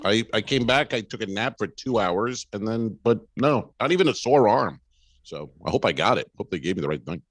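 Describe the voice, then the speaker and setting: A male comedian co-hosting a podcast, a gruff, profane storyteller who exaggerates for laughs. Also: on the low side, animated, fairly quick, no room sound. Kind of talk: casual comedy podcast banter.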